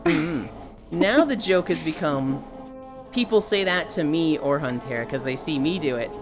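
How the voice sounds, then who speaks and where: A lively woman streamer telling stories to her chat, her voice sitting low but swinging widely in pitch. She jumps into exaggerated mock voices whenever she quotes someone. Music plays clearly underneath. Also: unhurried. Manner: animated storyteller acting out quotes in loud mock voices. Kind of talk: casual live-stream chat.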